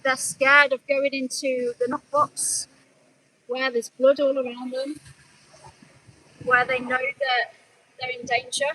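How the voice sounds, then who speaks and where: A woman with a high, bright voice hosts an outdoor livestream as an animal rights activist. She speaks slowly and earnestly, switching between gentle pleading and firm scolding of her chat. A faint background hiss runs under her voice. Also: flat delivery, rough recording. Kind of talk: live stream commentary.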